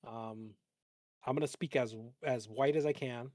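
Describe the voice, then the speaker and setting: A man's voice: medium pitch, measured pace, a little mellow, no room sound, studio quality. A man co-hosting a live trading stream, chatting casually, joking and laughing between rambling asides. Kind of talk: casual livestream banter.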